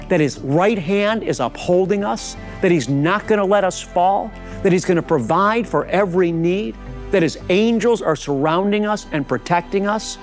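A man preaching a fervent sermon, leading listeners in bold declarations of prayer and calling them beloved. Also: high voice. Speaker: rabbi preaching.

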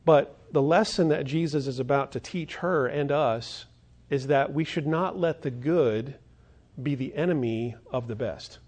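A man's voice: fairly high pitch, darkish tone. A man preaching a sermon as pastor, earnest and emphatic, repeating his key points for weight.

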